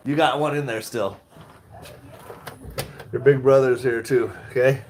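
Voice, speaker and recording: A man's voice: mid-range voice, steady tone, a little slow, slight background noise, rough recording. A middle-aged man chatting casually to viewers, laid-back and rambling, laughing often. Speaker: stock vlogger. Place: around his retail shop and car.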